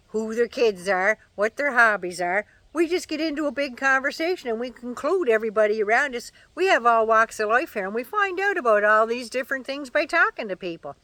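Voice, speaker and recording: A woman's voice: fairly high pitch, a bit bright, no echo. An older woman chatting casually to camera outdoors at home, folksy and opinionated with dry asides. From Canada. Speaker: vlogger.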